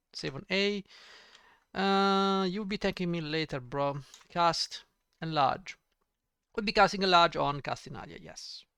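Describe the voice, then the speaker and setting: A man's voice: on the high side, gravelly, sharp tone, clear, resonant tone, dry recording, studio quality. A man hosting a let's play, giving casual, jokey gameplay commentary and talking to himself.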